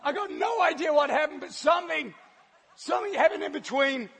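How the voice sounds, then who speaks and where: Guy telling his faith story to a crowd, high gravelly voice, big hall echo, acts out scenes and cracks up laughing. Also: brisk, a little hiss or hum. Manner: animated storyteller acting out scenes, laughing often. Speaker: guest speaker. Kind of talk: personal testimony to a live audience. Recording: long hall reverb.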